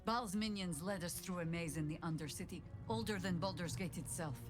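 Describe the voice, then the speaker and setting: A woman's voice: on the low side, natural voice. An actress playing a stern, older half-elf druid woman who speaks curtly and measuredly with dry wit. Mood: reminiscing. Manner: curt, measured, dryly wry. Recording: game audio with music underneath.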